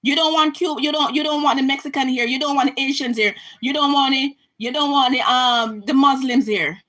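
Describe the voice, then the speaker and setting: A woman's voice: high-pitched, steady tone, a little fast, a bit bright, rough recording. A Jamaican woman giving an impassioned political rant to her camera, emphatic and repetitive, often restarting her sentences. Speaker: vlogger.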